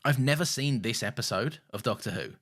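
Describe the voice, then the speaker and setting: A man talks casually as a podcast co-host, his pitch swinging up and down as he gets worked up. He swears freely and laughs a lot, sounding excitable about what he watched. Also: brisk. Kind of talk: casual chat.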